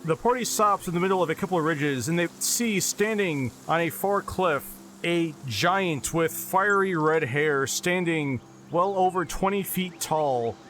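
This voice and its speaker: A man's voice: a little high, measured pace, fairly bright tone, slight background noise. A man running a tabletop game as game master, describing scenes with brief asides.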